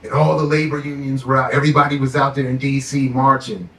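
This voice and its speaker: A man's voice: mid-range voice, little pitch movement, fast talker, pushed and bright, recorded from a distance. A man talking with fiery, sarcastic passion about politics and money, hosting a discussion. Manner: fired-up, sarcastic, mocks the powerful in put-on voices. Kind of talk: impassioned political talk. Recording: roomy, off-mic sound.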